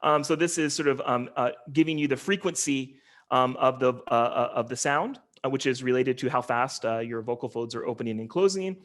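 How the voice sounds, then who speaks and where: A man's voice: medium pitch, brisk. A male linguistics lecturer giving an online talk, explaining step by step with many ums, uhs and restarts.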